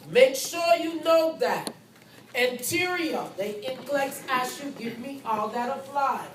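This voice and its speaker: A woman, giving a nursing lecture to a class in a loud, emphatic, conversational way with asides to her students. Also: sits high, slow. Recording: echoey classroom recorded from far off with background noise.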